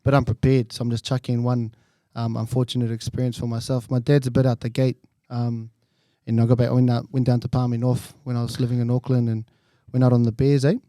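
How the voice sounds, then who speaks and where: A man's voice: medium pitch, flat delivery, quick pace, hardly any pauses, dark tone, no echo. A New Zealand man in his twenties, co-hosting a podcast and telling a crude story with lots of laughter. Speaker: podcast co-host. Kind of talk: casual banter.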